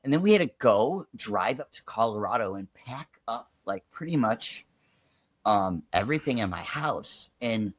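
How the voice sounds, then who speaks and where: A young man with a fairly low voice tells his story as a podcast guest, loose and conversational, dropping "like" into nearly every phrase. He grew up in Chicago. The sound is close and dry, with no room around it. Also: normal speed, no room sound. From Chicago, USA. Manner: chatty, peppered with "like", animated retelling.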